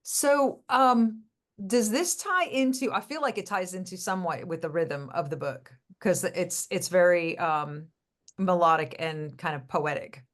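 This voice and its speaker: A woman hosting an interview with a children's author. She reads her introduction smoothly and in an upbeat way. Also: fairly low pitch, measured pace. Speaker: podcast host interviewing an author. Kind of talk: friendly interview, scripted introduction.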